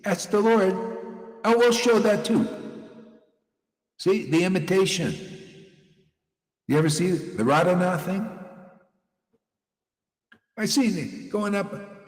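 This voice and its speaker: Emphatic man preaching in echoey hall. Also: high-pitched. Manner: emphatic, rhetorical, repeats phrases. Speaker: devotional teacher. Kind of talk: informal devotional talk. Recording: echoey room with long reverb.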